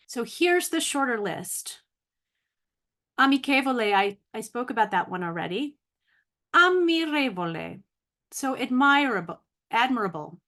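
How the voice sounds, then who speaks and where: Woman, casual online teacher, mid pitch, careful over hard words, corrects herself freely. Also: fairly bright tone. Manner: thinking aloud, self-correcting, laughs at own slips; careful, spelled-out pronunciation of long words. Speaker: language teacher. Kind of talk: casual video lesson.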